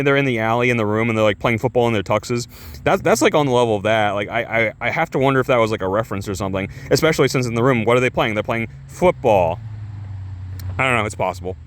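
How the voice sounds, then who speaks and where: A man's voice: medium pitch, expressive, fast. A young adult man casually reviewing a movie, rambling with restarts, constant filler words and swearing.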